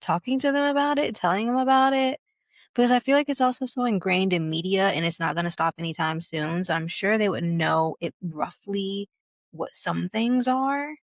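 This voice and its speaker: A young woman co-hosts a podcast in a dry, clean studio recording, her voice medium-pitched and her pace moderate. She chats casually, laughs often, and keeps restarting her sentences.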